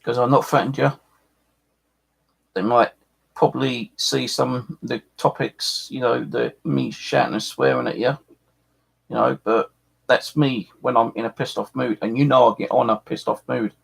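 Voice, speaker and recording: Gravelly, husky man ranting angrily. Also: mid-range voice, steady tone, moderate pace. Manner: angry, swearing, repeating himself. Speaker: paranormal live streamer. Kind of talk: angry live-stream rant.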